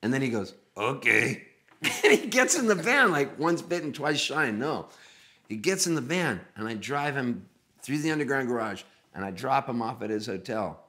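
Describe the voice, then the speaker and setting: A man telling a funny story as a guest, animated and often laughing. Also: mid-range voice, normal speed. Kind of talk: casual storytelling.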